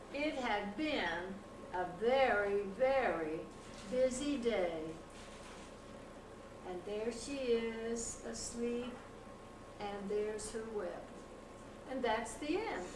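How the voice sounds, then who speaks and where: An older woman, a grandmother, slowly reading a picture book aloud to a child with gentle pauses. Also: fairly high pitch. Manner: slow, gentle storytelling with pauses. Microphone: home video camera across the room. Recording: echoey room, distant camcorder mic, noise.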